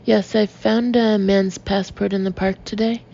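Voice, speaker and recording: A woman's voice: mid-range voice, flat delivery, measured pace, vocal fry, dark tone. A woman voicing a hesitant, apologetic male caller who has a slight cold and a nasal voice, in an audiobook. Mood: flustered. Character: flustered male traveler with a head cold. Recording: dull lo-fi audio with faint hiss.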